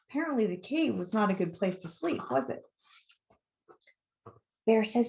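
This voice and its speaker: A middle-aged woman, a children's author, reading her picture book aloud to kids in a lively, encouraging way and asking them questions. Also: fairly high pitch, a little slow. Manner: lively, animated and encouraging, with questions put to young listeners. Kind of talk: read-aloud storytime for kids.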